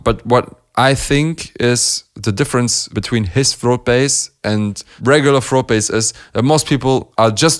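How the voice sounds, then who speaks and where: A German man, whose first language is German, hosts beatbox reactions and gives casual analysis commentary. He's enthusiastic, laughs often, and demonstrates sounds, speaking in a clean, mid-range voice.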